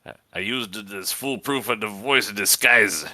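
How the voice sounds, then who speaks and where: A man's voice: on the low side, moderate pace, bright, forceful tone, dry recording, clean studio sound. Man putting on a brash tough-guy space pilot. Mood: boastful. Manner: exaggerated brash put-on accent. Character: gruff male space pilot, mock tough-guy accent.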